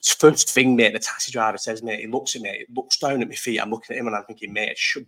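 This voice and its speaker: A man hosts a casual live chat from home. He rambles through his stories, swears freely and breaks into laughter, his voice sitting at an ordinary middle pitch. He talks into a desk mic that is partly covered. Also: steady tone, quick pace, fairly bright tone. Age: 30s. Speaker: live stream host.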